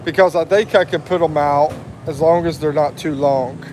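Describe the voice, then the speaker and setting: A man's voice: a little high, steady tone, moderate pace, darkish tone, slight background noise. A man in his fifties from the USA, hosting a casual livestream, reading viewer comments aloud and laughing often. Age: 50s. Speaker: livestream host.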